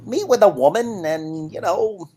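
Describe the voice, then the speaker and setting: A woman's voice: on the low side, animated, unhurried, warm tone, breathy edge. A woman playing a naive young man new in the city, talking hesitantly with lots of ums and uhs. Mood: earnest.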